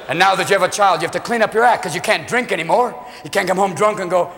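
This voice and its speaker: A man performing a manic stand-up comedy routine, jumping between shouts and put-on voices, recorded live in a large theater. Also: very high-pitched, fairly quick. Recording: live show in a big hall with a crowd. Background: audience laughter and crowd noise.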